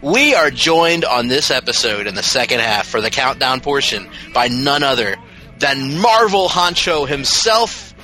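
A man's voice: medium pitch, animated, unhurried, bright, forceful tone, soft background music, low-quality recording. A man co-hosting a casual podcast, joking around and laughing often. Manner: joking, playful, bursts of laughter. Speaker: podcast co-host. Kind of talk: casual comedic podcast chat.

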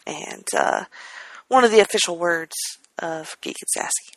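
A woman co-hosting a casual podcast, quick to laugh and filling her speech with ums and uhs. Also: lowish voice, dry recording, low-quality recording. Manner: animated and quick to laugh, with lots of fillers. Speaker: podcast co-host. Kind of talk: casual chat.

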